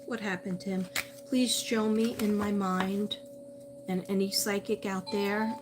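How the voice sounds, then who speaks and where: A woman's voice: mid-range voice, steady tone, a little slow, very noisy. A woman psychic medium doing a livestream reading, calling out to a missing person and repeating his name as she searches. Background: music.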